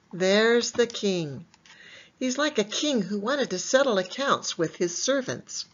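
A woman teaching a Bible lesson to young children in an animated way, asking them questions and answering them herself. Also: medium pitch, slow pace, muffled recording, slight background noise.

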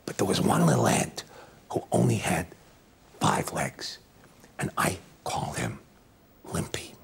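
A man playing a parody of a famous aging film actor, talking in a husky, murmuring, rambling way full of half-whispered asides in a comedy sketch. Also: sits low, sing-song, unhurried, full character voice. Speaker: celebrity acting teacher in a sketch.

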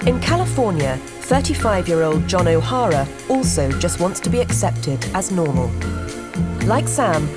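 Low-voiced woman narrating. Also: very animated, moderate pace. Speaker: documentary narrator. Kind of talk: scripted narration. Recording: narration over loud music.

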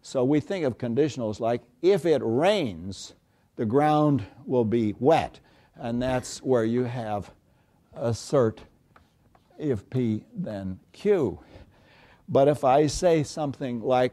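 An older man giving a university lecture, often pausing on uh and stressing his example sentences. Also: medium pitch, lively intonation, mellow. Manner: many uh fillers, emphatic example phrases. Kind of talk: classroom lecture. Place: lecture hall.

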